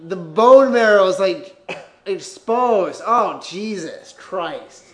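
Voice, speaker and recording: A man's voice: sits high, lively intonation, slow, long pauses, a bit bright, reverberant. A man hosting a podcast in casual comedic banter, joking, loose and profane. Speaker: podcast host.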